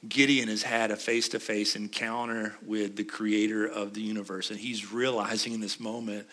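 Pastor, male, middle-aged, bright voice, chatty sermon delivery that questions the room. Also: lowish voice, flat delivery, moderate pace. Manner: conversational, asks the congregation questions.

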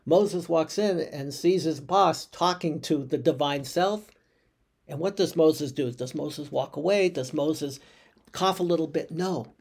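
A rabbi explains a Hebrew verse, walking listeners through it step by step. His voice is gravelly and sits a little high for a man. He asks questions aloud and corrects himself as he goes. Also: a little mellow. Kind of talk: teaching Torah commentary.

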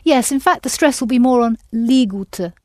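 A woman's voice: on the high side, moderate pace, darkish tone, no room sound, clean studio sound. A woman teaching an audio language lesson, patiently prompting and correcting her students.

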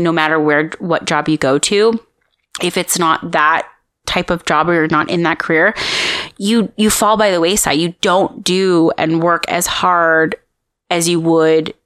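A woman with a fairly low voice tells a story in casual podcast chat. She rambles, stops and restarts as she goes. The sound is dry and close, with no room around her. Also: steady tone, unhurried, fairly bright tone, smooth, no echo. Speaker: podcast host.

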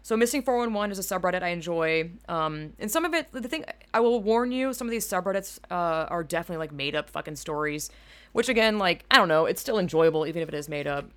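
Rambling, swearing woman podcaster, lowish voice. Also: fast. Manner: rambling, swears freely, animated asides. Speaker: podcast host. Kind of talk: casual solo podcast chat. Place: home room at a computer. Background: keyboard clacking.

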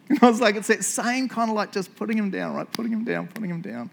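A man's voice: high voice, wildly swooping pitch, fast, a little hiss or hum. A man with a New Zealand accent preaching a sermon in a church, chatty and joking, often tagging lines with "eh?" and "right?". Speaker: pastor.

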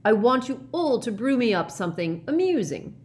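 A woman's voice: fairly high pitch, very animated, moderate pace, a little mellow, voice pushed up. A woman doing a jovial older schoolmaster. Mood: genial. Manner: genial, airy. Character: jovial portly older male potions teacher.

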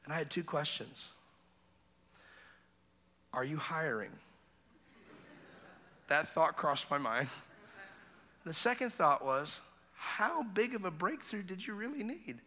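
A man preaching a revival sermon as an evangelist, telling stories and acting out voices, going from hushed to shouting. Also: fairly high pitch. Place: large church hall. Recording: long hall reverb.

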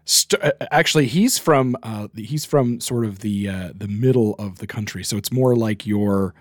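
A man's voice: lowish voice, normal speed, no echo, studio quality. A man from Canada with a Canadian accent, hosting a podcast in casual, self-deprecating chat. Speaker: podcast host.

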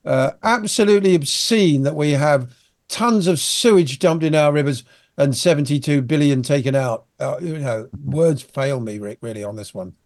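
A man's voice: fairly high pitch, moderate pace, a little mellow, no echo, studio quality. A man from Britain giving emphatic, indignant commentary as a guest on a talk radio show.

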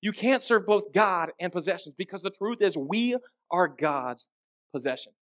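A male pastor delivers a sermon in a relaxed, conversational manner. He often checks in with his listeners through rhetorical questions. His voice sits quite high for a man. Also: normal speed.

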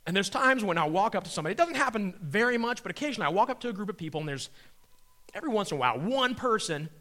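A middle-aged man, a comedian and magician, giving a comedic Christian talk and telling stories with animated energy. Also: high voice, racing. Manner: animated storyteller acting out voices.

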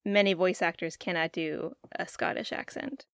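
A woman's voice: on the low side, fairly even intonation, moderate pace, no room sound, clean studio sound. A woman co-hosting a podcast in casual chat, giggly and hesitant, with lots of ums and likes. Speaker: podcast co-host.

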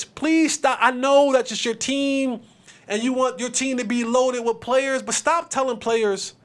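High-voiced man ranting about sports. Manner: passionate, animated rant with repeated restarts. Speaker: podcast host. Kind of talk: casual sports commentary.

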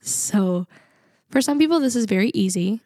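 A woman's voice: fairly high pitch, expressive, normal speed, dark tone, dry recording, studio quality. A young adult woman co-hosting a podcast, talking in an earnest, reflective way and laughing often. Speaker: podcast co-host. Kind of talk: casual podcast chat.

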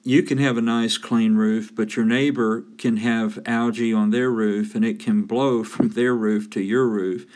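A man's voice: fairly low pitch, fairly even intonation, measured pace, hardly any pauses, a little mellow. A man with a Southern US accent hosting a home maintenance podcast in a folksy, joking way. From Southern United States. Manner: folksy, joking, self-promoting. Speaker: podcast host and roofing consultant. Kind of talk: casual solo podcast monologue.

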